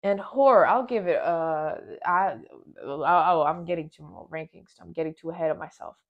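A woman giving a casual spoiler review of a film, talking in an excitable, rambling way and often restarting her sentences. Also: low voice, moderate pace, muffled recording.

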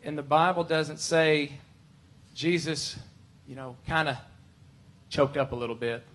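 A worship pastor preaching a conversational, emphatic sermon full of rhetorical questions. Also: male voice, fairly high pitch, measured pace. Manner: emphatic, shifts to loud pleading when voicing Martha.

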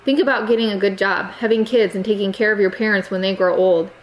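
A woman's voice: medium pitch, steady tone, fast, lightly acted, low-quality recording. A woman voicing a stern scolding aunt. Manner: reproachful, lecturing.

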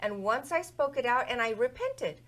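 Woman, middle-aged, fairly high voice, earnest, Christian talk show, quotes scripture. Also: expressive, normal speed, fairly bright tone.

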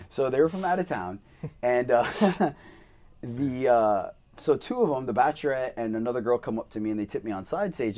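Young man, podcast host, casual chat, animated storytelling, average pitch. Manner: animated storyteller, acts out quoted voices. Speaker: podcast host and male dancer.

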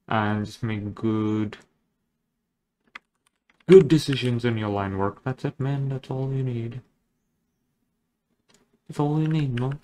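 A man's voice: mid-range voice, darkish tone, a little hiss or hum. A man chatting casually as he draws digitally, rambling along with jokes and self-deprecating asides. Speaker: digital artist. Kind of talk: casual commentary while drawing.

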